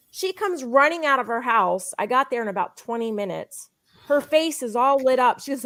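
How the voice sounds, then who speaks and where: Eager, higher-voiced woman selling. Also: expressive, a bit bright. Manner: eager, insistent, fast storytelling. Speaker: guest, product promoter. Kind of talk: sales pitch with personal testimony.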